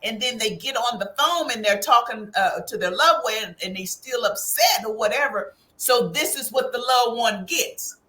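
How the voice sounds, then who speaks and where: A woman's voice: a little high, animated, normal speed, few pauses, sharp tone. A woman hosting a panel, summing up what guests said and reading out viewer questions. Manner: summarizing, reads viewer questions. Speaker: host. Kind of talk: panel moderation.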